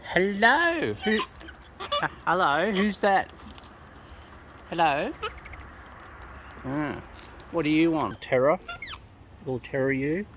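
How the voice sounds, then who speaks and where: A man, chatting playfully to wild birds while feeding and filming them, his calls leaping up high as he coaxes them closer. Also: takes it slowly, long pauses, background noise. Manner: playful coaxing, voice leaps high when calling birds. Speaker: bird-feeding vlogger. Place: outdoors feeding wild cockatoos.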